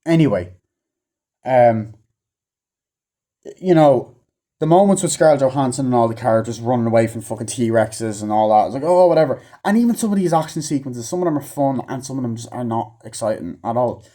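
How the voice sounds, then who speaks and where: A man's voice: medium pitch, animated, brisk, warm tone. A man rambling through a casual, profane movie review, with offhand asides and many fillers.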